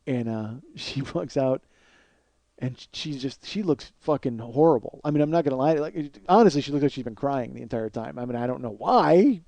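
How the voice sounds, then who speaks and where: A man's voice: mid-range voice, expressive, moderate pace, vocal fry, dark tone, lo-fi sound. A man in his forties hosting a comedy podcast, telling a long story in a rambling, profane way that builds into indignant rants. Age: 40s. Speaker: podcast host.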